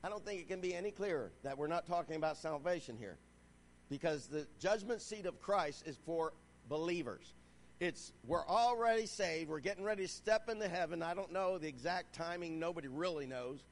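High-voiced man preaching a fervent sermon. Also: a little fast. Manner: preaching with rising fervor, exhorting the congregation; reads scripture aloud, asks the crowd "Amen?". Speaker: pastor.

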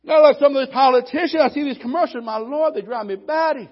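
A man preaching a sermon, moving from quiet teaching to shouted, rhythmic preaching. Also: extremely high pitch, fast, breathy edge. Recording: dull lo-fi sermon audio.

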